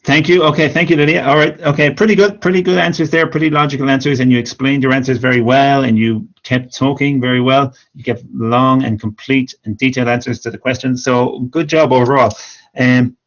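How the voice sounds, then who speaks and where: A man's voice: medium pitch, fairly even intonation. Patient man giving speaking feedback. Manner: encouraging, patient, corrects slowly and repeats examples. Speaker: English speaking teacher, former exam examiner. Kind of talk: live-streamed speaking feedback. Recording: dull lo-fi stream audio.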